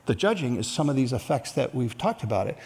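A man's voice: mid-range voice, fast talker, a little hiss or hum. A man preaching a sermon as pastor to several church campuses and viewers online, acting out voices as he goes. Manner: animated, acts out grumbling voices.

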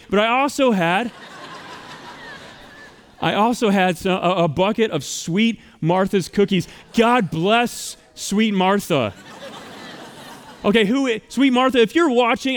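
Male pastor, sermon, high voice, from the US, playful storytelling asides. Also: clean tone. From United States.

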